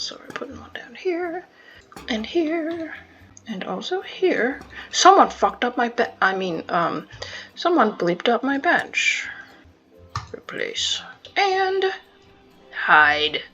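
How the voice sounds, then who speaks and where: A woman's voice: a little high, a bit bright, breathy edge. Wry woman narrating her zoo game. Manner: wry, self-mocking, talks to game animals. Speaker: gameplay video host. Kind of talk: casual commentary while playing a zoo game. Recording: dull lo-fi sound with faint music.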